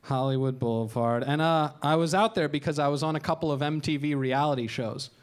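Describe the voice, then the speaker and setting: A man in his thirties tells stand-up stories in a fairly high voice. His delivery is dry and deadpan, with crude asides, and he slips into voices for the people he quotes. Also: fairly quick. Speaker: stand-up comedian. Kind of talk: stand-up storytelling. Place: comedy show stage.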